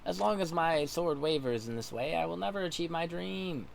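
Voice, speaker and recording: A man's voice: animated, normal speed, creaky, slight background noise. A man voicing an earnest young foreign samurai in a formal, solemn manner, read aloud from a game. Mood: troubled. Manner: formal, solemn, high and strained.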